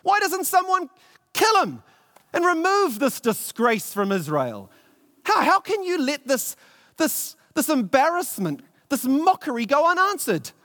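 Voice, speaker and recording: A man's voice: sits high, animated, a little slow, voice pushed up. A man voicing a bold, fervent young shepherd who speaks in urgent, stammering bursts. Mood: indignant. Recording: long echoey reverb.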